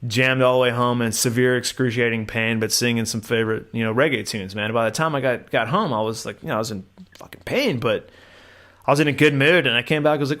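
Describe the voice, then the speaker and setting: A middle-aged man chatting casually on a podcast, telling lively stories, swearing freely and acting out other people's voices. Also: mid-range voice, fast. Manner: animated storyteller, acts out voices, swears casually. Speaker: podcast co-host.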